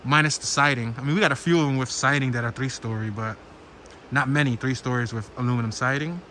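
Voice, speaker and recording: A man's voice: medium pitch, fast talker, pushed and bright. A man with a Philadelphia accent narrating a walking tour outdoors, chatting with viewers and thinking aloud as he strolls. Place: outdoors on a small-town street, walking. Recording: noisy outdoor walk with stream and traffic. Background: flowing stream and passing traffic.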